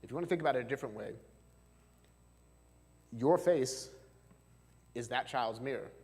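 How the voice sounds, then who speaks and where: A man's voice: mid-range voice, moderate pace, darkish tone. Man teaching in a reverberant hall. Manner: chatty, asks the audience questions, frequent fillers. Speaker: marriage and family therapist. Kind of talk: seminar talk to a live audience. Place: church hall.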